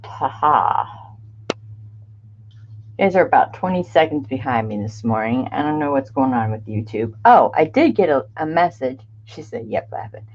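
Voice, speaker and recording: A woman's voice: a bass voice, big pitch swings, moderate pace, darkish tone, a little hiss or hum. A middle-aged woman hosting a craft livestream, chatting casually with viewers, greeting them by name and laughing often. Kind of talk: casual live-stream chat. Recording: dull lo-fi stream audio.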